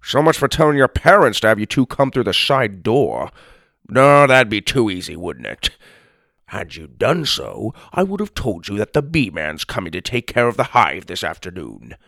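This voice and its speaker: A man voicing a gruff, deadpan old grandpa. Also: lowish voice, normal speed, no room sound, heavily acted. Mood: dry grumbling. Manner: dry, grumbling, sarcastic. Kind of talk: audiobook character reading.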